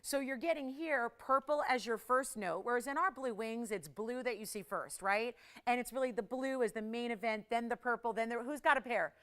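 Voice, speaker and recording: A woman hosts a live jewelry shopping program in a chatty, excitable manner. She laughs often and calls out to callers and operators as she sells. Her voice sits a little high and rings bright. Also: normal speed, hardly any pauses.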